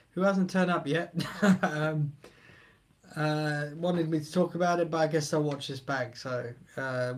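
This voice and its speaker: A middle-aged man, hosting a live stream and chatting casually while reading the chat aloud. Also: high voice.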